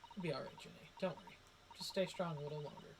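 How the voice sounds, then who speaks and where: Earnest young lawyer, calm and kind, read by a man, noisy mic. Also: fairly high pitch, fast, close to an everyday voice. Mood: gentle.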